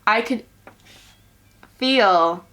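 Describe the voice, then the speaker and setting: A woman's voice: mid-range voice, very slow, sharp tone. A woman reading a werewolf romance aloud, breaking off to joke, giggle and swear about it. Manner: giggly, exaggerated, swears often. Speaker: story reader. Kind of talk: casual read-aloud with joking commentary.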